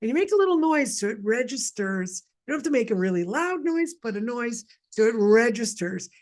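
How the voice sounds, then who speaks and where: A woman's voice: on the high side, big pitch swings, brisk, a little mellow. A woman from Montreal leading a guided wellness session, chatty and rambling with lots of asides. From Montreal, Canada. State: mild asthma. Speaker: energy healer leading a session.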